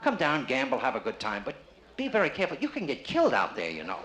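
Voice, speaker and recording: A man's voice: medium pitch, huge pitch swings, fast, a bit bright. Wisecracking stand-up man on a live record. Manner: wisecracking, teasing an audience member. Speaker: stand-up comedian. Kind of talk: live stand-up with crowd work. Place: casino showroom stage. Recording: live 1960s vinyl, roomy and noisy. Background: audience laughter.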